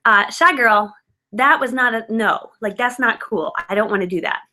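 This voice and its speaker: Bright-voiced chatty woman in her thirties. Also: on the high side, moderate pace. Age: 30s. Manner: chatty, filler-heavy, self-mocking. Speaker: guest speaker. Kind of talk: casual storytelling.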